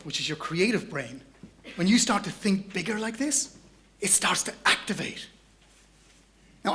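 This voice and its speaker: A man's voice: fairly high pitch, fairly bright tone. A man giving a playful, chatty motivational talk on stage to a large audience. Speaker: motivational speaker.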